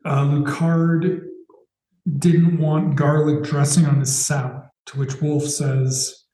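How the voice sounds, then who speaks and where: A man with a mellow, slightly high voice recaps a TV episode for his podcast co-host. He talks in sarcastic, loose chat, dropping the odd swear. The sound carries echo from the room. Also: little pitch movement, takes it slowly.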